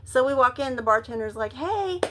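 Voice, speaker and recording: A woman telling a wild personal story in a casual monologue, animated and full of swearing. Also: a little high, normal speed, a little hiss or hum. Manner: animated, profane, acts out quotes loudly.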